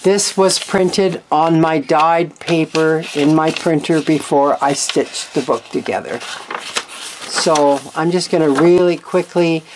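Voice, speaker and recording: Craft-channel host, woman, deep-ish voice, unhurried, chatty and rambling with candid asides, faint hiss behind her. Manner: chatty, meandering, frank asides. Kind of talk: casual craft show-and-tell.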